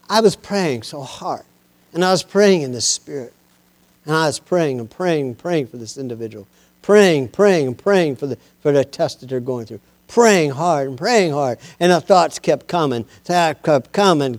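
A high-voiced pastor delivers a sermon, speaking expressively and a little slowly. He addresses his congregation in an easy, conversational manner before building into loud, impassioned exhortation.

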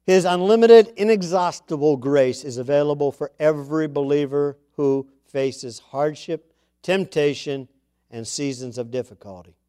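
A man's voice: a little high, normal speed, warm tone, clear, resonant tone. A man preaching a sermon to his congregation in a conversational way, with chatty asides and emphatic repeats of key words. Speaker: pastor.

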